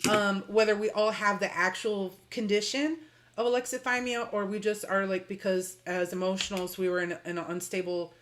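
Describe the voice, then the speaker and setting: A woman's voice: mid-range voice, fairly even intonation, fairly quick, a crowd in the background. A woman co-hosting a podcast in casual chat, explaining ideas with psychology terms. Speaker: podcast co-host.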